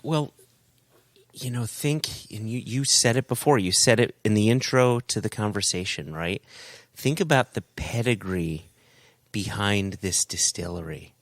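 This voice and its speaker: Deep-voiced guy cohosting a podcast, hyped and punchy, dry close sound. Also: unhurried, a bit bright, dry recording. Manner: emphatic, enthusiastic, punchy short phrases. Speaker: podcast co-host. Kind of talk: casual chat.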